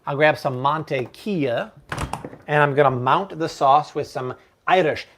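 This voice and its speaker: A man's voice: a little high, a little slow, fairly bright tone, slight background noise. A man hosting a live-stream cooking show from his home kitchen, chatting playfully and joking with his viewers. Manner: playful, jokey, puts on mock accents.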